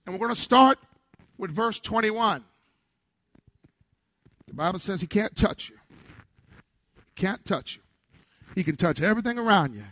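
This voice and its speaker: Middle-aged male pastor, high-pitched and dry-miked, preaching a lively call-and-response sermon. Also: unhurried, long pauses, no room sound. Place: church before a congregation.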